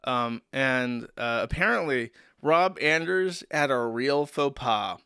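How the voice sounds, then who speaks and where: Bright, crisp-voiced streamer man. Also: medium pitch, lively intonation, slow, no echo, studio quality. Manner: rambling, profane, sarcastic joking. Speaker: streamer host. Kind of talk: livestream commentary.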